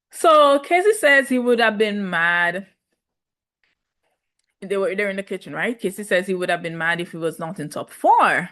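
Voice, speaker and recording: A woman reviewing a reality show in casual commentary, sassy and animated, laughing often. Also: medium pitch.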